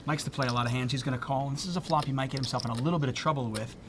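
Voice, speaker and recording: A man's voice: medium pitch, very fast. A man giving play-by-play poker commentary, chatty and joking with his co-host. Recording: noticeable background noise.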